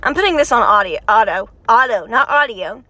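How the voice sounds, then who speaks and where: A woman talking excitedly to her viewers in rambling reaction commentary, recorded inside a car. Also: a little high, brisk. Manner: excitable, chatty, talks straight to viewers with frequent restarts. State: tired and warm. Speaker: video creator reacting to a game story.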